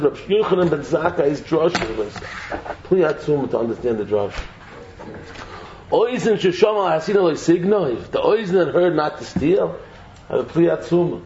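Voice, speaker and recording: Man, rabbi lecturing students, animated storytelling, echoey room, faint hum. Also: on the high side, muffled recording. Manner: animated storytelling, acting out quotes. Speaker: rabbi giving a talk.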